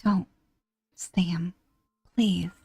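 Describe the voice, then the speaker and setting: A woman's voice: on the low side, steady tone, drawn-out words, gravelly, warm tone, slightly rough, no echo, exaggerated voice. A woman voicing a grieving wife who begs her husband through tears, in whispered role-play. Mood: begging. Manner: tearful, begging. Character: grieving sobbing wife, begging.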